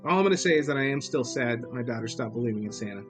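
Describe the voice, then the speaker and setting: A man's voice: medium pitch, expressive, very fast, over music. A man in his thirties co-hosting a podcast, rambling and crude, joking about family life with many restarts. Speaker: podcast co-host. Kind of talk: casual chat.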